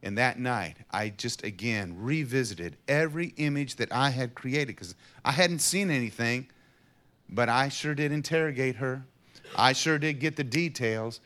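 Middle-aged guy telling his story, bright voice, goes quiet then fired up. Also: mid-range voice. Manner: earnest storyteller, swings from hushed to emphatic. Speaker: guest sharing a personal testimony. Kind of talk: emotional testimony in an interview.

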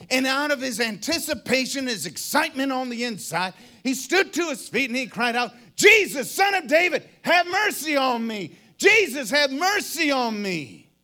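A middle-aged man preaching a sermon, telling a story dramatically and acting out the voices and shouts of its people. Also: extremely high pitch.

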